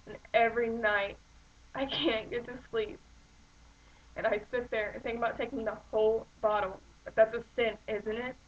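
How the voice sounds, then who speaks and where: A bereaved young woman pours out her despair, pleading and on the edge of tears, as a girl reads her monologue. The voice sits a little high. The sound is dull, like an old webcam. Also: steady tone, normal speed, natural voice. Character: grieving young woman who lost her family.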